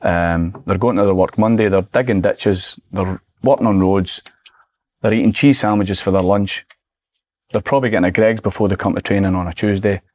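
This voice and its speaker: A man's voice: low-pitched, moderate pace, no echo. A Scottish man in his forties, a former footballer, chatting as a podcast guest and acting out his old remarks as he tells stories. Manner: animated storyteller, acts out his own past remarks. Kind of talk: casual podcast chat.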